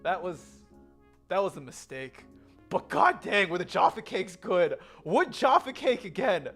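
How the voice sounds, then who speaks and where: An American woman telling a story in a casual vlog, animated and giggly. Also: fairly low pitch, measured pace, breathy edge, soft background music. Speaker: vlogger. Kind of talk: casual chatty vlog with slides.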